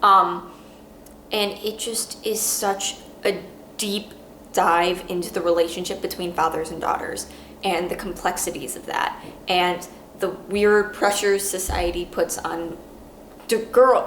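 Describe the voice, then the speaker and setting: Earnest rambling woman in a roomy space. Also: medium pitch. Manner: rambling, halting, many restarts; earnest and emotional. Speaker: podcast host. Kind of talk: casual book review monologue. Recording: roomy echo, faint background hum.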